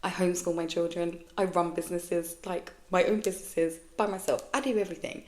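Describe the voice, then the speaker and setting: A woman's voice: fairly low pitch, steady tone, brisk. A woman in her forties talking alone on her podcast, frank and rambling, swearing freely and often restarting or trailing off mid-thought. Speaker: podcast host. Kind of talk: candid solo podcast monologue.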